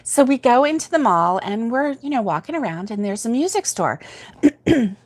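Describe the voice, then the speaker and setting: An older woman runs a relaxed crochet livestream, chatting her way through a story while laughing a lot and reading out viewer comments. Her voice is slightly high and sing-song, at a moderate pace.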